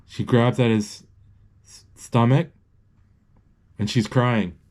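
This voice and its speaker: Man narrating a film live, dark and mellow, halting with constant restarts. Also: mid-range voice, fairly even intonation. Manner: halting, with many restarts and self-corrections. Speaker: movie describer. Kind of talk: live play-by-play of a movie as it plays.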